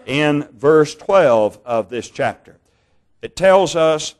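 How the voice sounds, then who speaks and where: A man preaching a sermon, reading Bible passages in a measured way, slowing down on key words and correcting his own slips. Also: a little high, lively intonation, darkish tone. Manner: measured, slow over key words, stumbles on names and corrects himself.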